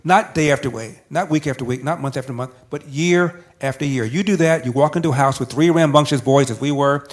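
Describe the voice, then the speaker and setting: An older man tells a personal story at an even, mid pitch. He builds his points through emphatic repetition, in the manner of a talk show guest. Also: fairly quick, few pauses.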